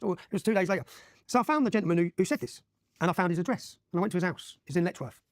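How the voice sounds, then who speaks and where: A man's voice: high voice, racing, dry recording, studio quality. A man from Luton, telling his own story as an interview guest, emphatic and often checking in with "yeah?". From Luton, England. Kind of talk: animated personal storytelling.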